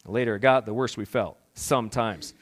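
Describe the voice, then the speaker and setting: A male pastor preaching a sermon, rising to loud urgent questions and dropping to quiet, prayerful tones. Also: on the low side, brisk. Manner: dramatic swings between loud urgent questions and quiet prayerful near-whispers.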